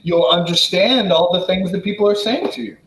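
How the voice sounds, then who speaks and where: An American man from Wisconsin answering questions in a relaxed, casual way, with many fillers and restarts. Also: sits high, a little fast, vocal fry, reverberant, a little hiss or hum, poor audio. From Wisconsin, United States. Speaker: guest diplomat answering questions. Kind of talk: casual spoken Q&A.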